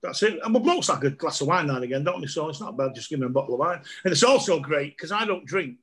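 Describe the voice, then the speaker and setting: A man's voice: on the high side, lively intonation, quick pace, fairly bright tone, husky. A middle-aged man, a comedian telling funny stories in a casual chat, laughing often and acting out voices. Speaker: comedian guest.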